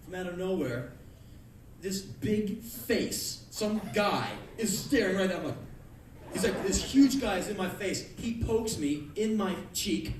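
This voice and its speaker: A man in his thirties doing live spoken word storytelling on a concert club stage, animated and bursting into loud acted-out quotes. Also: high voice, normal speed. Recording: echoey live club recording from far off. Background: audience laughter and room noise.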